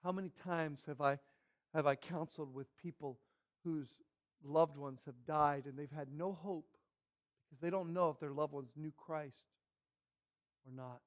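Male pastor, higher voice, dynamic sermon delivery from hushed to booming. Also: normal speed, long pauses. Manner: dynamic preaching, swinging from hushed to loud and emphatic.

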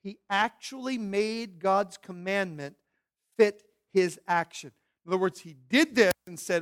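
A man preaching a sermon as pastor, animated and acting out characters' voices as he teaches. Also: high voice, a little slow.

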